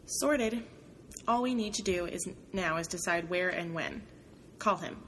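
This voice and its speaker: Bossy young woman reporter read by a female narrator, forceful and emphatic, lowish voice. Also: slight background noise. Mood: commanding. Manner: emphatic, pushy and quick.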